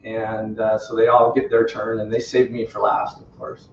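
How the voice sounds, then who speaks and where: A man's voice: lowish voice, completely flat delivery, normal speed, slight background noise. Man laughing through a story, far off. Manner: chatty, self-deprecating, laughs often, quotes others. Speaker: company representative telling his story. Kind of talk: casual storytelling to a small group. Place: living room in a home. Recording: roomy, distant, dull home video.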